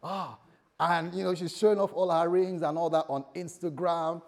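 A man's voice: a little high, fairly even intonation, moderate pace, creaky. A man preaching a sermon as a pastor, conversational and jokey, often laughing at himself.

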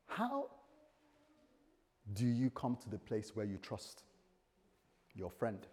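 A male pastor preaching a sermon in a conversational, animated way, acting out little dialogues. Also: on the low side, slow. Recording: long hall reverb.

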